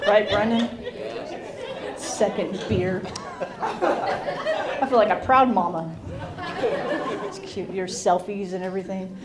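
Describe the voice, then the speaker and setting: A woman's voice: medium pitch, expressive, slow pace, pauses often. A woman from Utah doing a self-deprecating stand-up comedy set on a club stage, teasing the audience. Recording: live club with loud crowd noise.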